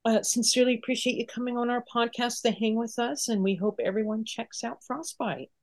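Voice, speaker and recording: A woman's voice: a little high, brisk. A woman co-hosting a podcast, wrapping up an interview in a chatty, giggly way. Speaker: podcast co-host. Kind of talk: casual interview chat.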